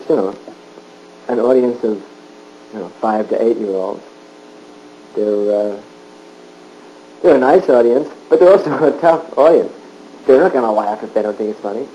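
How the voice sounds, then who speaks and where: A man, an improviser, telling a lively anecdote from his stage work in an interview. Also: mid-range voice, a little hiss or hum, rough recording. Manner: animated storytelling.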